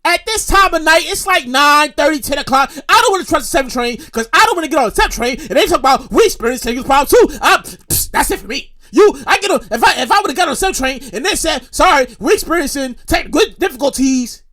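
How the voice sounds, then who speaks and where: A man hosting a podcast, telling a story in an animated, profane, repetitive rant. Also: extremely high pitch, fast talker, few pauses. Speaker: podcast host. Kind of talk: casual storytelling.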